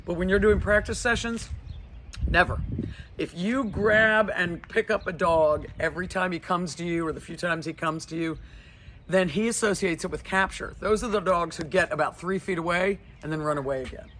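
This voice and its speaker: A man's voice: sits high, moderate pace, a bit bright, a little hiss or hum. A man working as a dog trainer, giving owners upbeat, encouraging step-by-step instructions outdoors in a yard, filmed by a helper holding the camera. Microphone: camera held by a helper.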